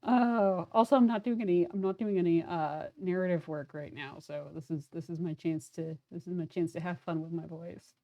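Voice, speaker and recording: A woman's voice: lowish voice, fairly even intonation, normal speed, few pauses, highs cut off. A young woman chatting casually while playing a game on stream, self-deprecating and full of fillers. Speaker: let's play streamer. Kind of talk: casual gameplay commentary.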